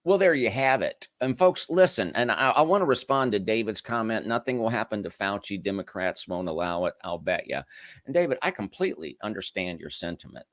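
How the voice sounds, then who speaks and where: Male commentary host, lowish voice, dry recording, loose conversational delivery full of asides. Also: animated, fairly quick, a bit bright, dry recording. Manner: rambling, with many restarts and asides. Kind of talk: casual online commentary.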